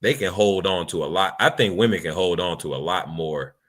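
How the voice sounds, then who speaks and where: A man's voice: sits low, a little fast, fairly bright tone. A man co-hosting a casual chat, talking bluntly and emphatically with plenty of profanity. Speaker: podcast co-host.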